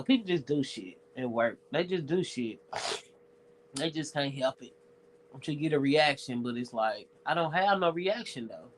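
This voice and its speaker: A man's voice: a little high, a little hiss or hum, rough recording. A man with a Southern US accent, talking in a rambling, profane, reflective casual monologue as a streamer.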